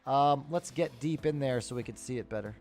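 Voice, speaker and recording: A man's voice: medium pitch, brisk, faint music behind. A man in his thirties hosting a live stock-trading stream, talking casually and tiredly, then ranting with lots of swearing. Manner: profane, ranting, animated. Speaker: livestream stock trading host. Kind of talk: casual live market commentary.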